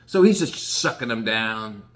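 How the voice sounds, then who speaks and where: A man's voice: fairly low pitch, animated, measured pace, a bit bright. A man casually telling a rambling, profane story, often restarting his sentences.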